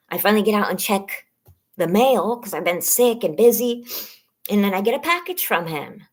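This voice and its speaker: A woman in her thirties on a personal live stream, talking haltingly and shakily as she holds back tears. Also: medium pitch, a little mellow. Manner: shaky, halting, close to tears. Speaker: vlogger on a members-only live stream.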